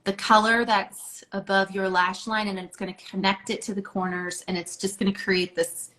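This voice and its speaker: A woman's voice: medium pitch, little pitch movement, normal speed, bright, forceful tone, low-quality recording. A woman leads a makeup tutorial, coaching her student through each step. She talks in an encouraging, hands-on way, with plenty of casual filler words. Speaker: makeup instructor.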